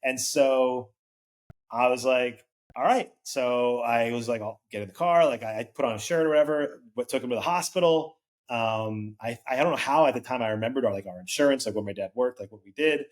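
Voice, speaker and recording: A man in his forties appears as a podcast guest, telling a long personal story in a casual, rambling way. He talks a little fast at a medium pitch, filling his speech with "like" and acting out quoted voices.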